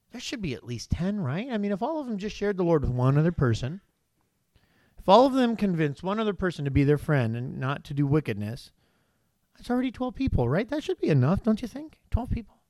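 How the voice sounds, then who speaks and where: A man's voice: sits high, very animated, fairly quick, no room sound, clean studio sound. A man preaching a conversational sermon, reading scripture and asking the congregation questions. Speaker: pastor.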